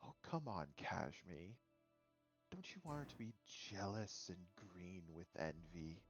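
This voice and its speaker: A man voicing a sly male tempter in a hushed, coaxing whispered role-play, with a gravelly voice. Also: sits low, sing-song, a little slow, muffled recording, soft background music, full character voice.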